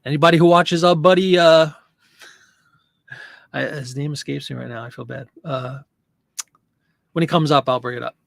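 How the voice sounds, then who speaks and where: A man's voice: fairly high pitch, fairly even intonation, moderate pace, creaky, pauses often, no echo. A man hosting a live stream, chatting casually and answering viewer comments.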